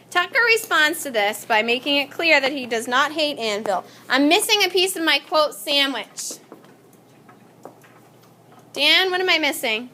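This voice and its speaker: A woman teaching a class in a high, bright voice. She calls on students by name and encourages them as she works through the lesson in a classroom. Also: measured pace, long pauses, a little hiss or hum.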